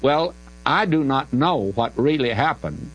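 An older man with a drawl answers a listener's Bible question, his voice rising and falling in lively swings. He talks in an emphatic, folksy way and slows down to lean on key words. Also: medium pitch, lo-fi sound. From American South. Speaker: Bible teacher.

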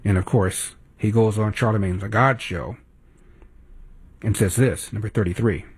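Gravelly sarcastic talk radio man. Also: lowish voice, steady tone, normal speed. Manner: sarcastic, emphatic, mocking.

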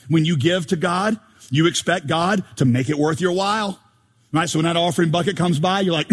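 Man, pastor, sermon, emphatic and joking, high voice, long hall reverb. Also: a little fast, husky. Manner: emphatic, humorous, mimics prayers.

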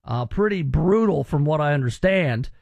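A man's voice: fairly high pitch, expressive, moderate pace, gravelly, a little mellow, dry recording, highs cut off. A man in his thirties hosting a radio talk show, chatty and wry with rambling asides. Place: radio studio.

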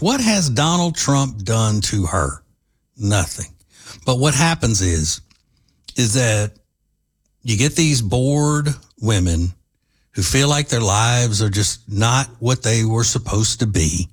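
A man's voice: mid-range voice, animated, slow. A middle-aged man hosting an opinionated talk show, sarcastic and emphatic. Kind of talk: opinionated radio commentary.

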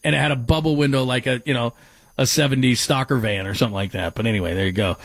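A man's voice: mid-range voice, fast talker, a bit bright, no echo. A man hosting a sports talk radio show, chatting casually, rambling and breaking off mid-sentence as he reads out listener texts. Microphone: studio microphone.

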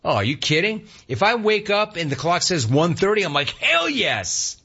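A man's voice: on the high side, lively intonation, fairly quick, fairly bright tone, slightly rough, highs cut off. A man hosting a casual talk radio show and reading listener complaints, talking in slang and repeating words for emphasis.

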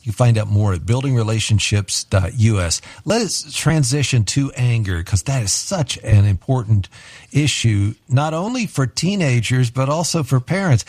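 A man hosting an interview, asking calm, measured questions. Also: mid-range voice, husky, dry recording. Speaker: radio host.

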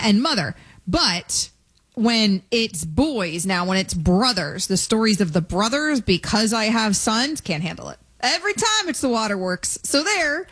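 A woman's voice: mid-range voice, fairly bright tone. A woman co-hosting a sports radio show, talking in a chatty, emphatic, rambling way. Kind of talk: casual sports radio chat.

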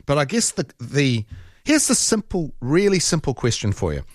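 New zealand man, talk radio host, animated pitch, dry studio sound, casual hesitant chat. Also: normal speed, no echo. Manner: chatty, hesitant, laughs easily.

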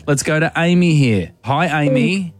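A man's voice: on the high side, animated, a little slow, no room sound. A man hosting a radio show, teasing callers in playful banter. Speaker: radio host.

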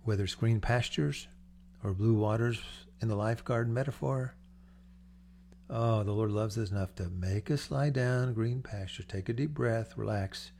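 A man's voice: on the low side, normal speed, gravelly, darkish tone, a little hiss or hum. An older man preaching a sermon in a conversational, storytelling way, acting out the voices he quotes. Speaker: pastor.

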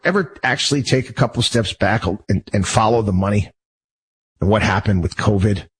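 A man's voice: fairly low pitch, fairly bright tone, slightly rough, poor audio. A man hosting his own show, talking in a heated, rambling monologue full of restarts and repeated phrases. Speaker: show host. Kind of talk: personal monologue.

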